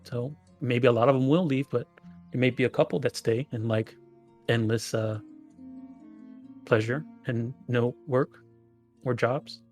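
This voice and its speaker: A man's voice: mid-range voice, fairly even intonation, a little slow, pauses often, darkish tone, faint music behind. A man playing a tabletop game, talking casually and hesitantly with many fillers. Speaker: player.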